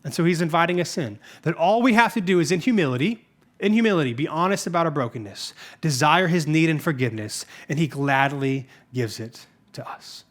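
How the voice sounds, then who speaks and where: Emphatic high-voiced male pastor preaching. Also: animated, brisk. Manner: emphatic, rising on scripture and questions, dropping softly at phrase ends. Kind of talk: sermon.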